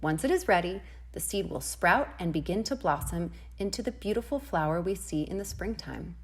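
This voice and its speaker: Expressive woman teacher reading aloud. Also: fairly low pitch, normal speed, husky. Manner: gentle, expressive storyteller. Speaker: preschool teacher. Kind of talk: reading a storybook aloud to children.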